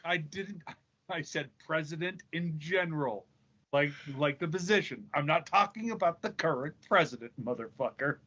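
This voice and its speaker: A man's voice: on the high side, normal speed, pushed and bright. A man co-hosting a podcast in casual chat, joking, swearing and telling anecdotes. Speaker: podcast co-host. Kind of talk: casual profane banter. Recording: dull lo-fi recording.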